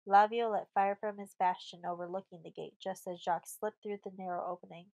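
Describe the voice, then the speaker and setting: A woman narrates an audiobook in a steady storytelling manner, her pitch sitting in the middle range. The recording is dry and close, with no room sound. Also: fairly quick, vocal fry, dry recording, low-quality recording. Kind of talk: scripted narration.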